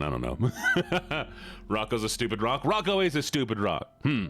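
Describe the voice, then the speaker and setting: Bubbly streamer man with a lively voice. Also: mid-range voice, normal speed, soft background music. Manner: bubbly, playful, chatty with chat. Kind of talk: casual live stream chat.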